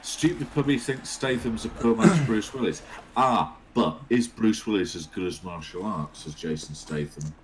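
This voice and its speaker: Low-voiced guy doing sweary jokey stream commentary, faint hiss behind. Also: moderate pace. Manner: chatty, sweary, joking. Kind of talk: casual livestream commentary.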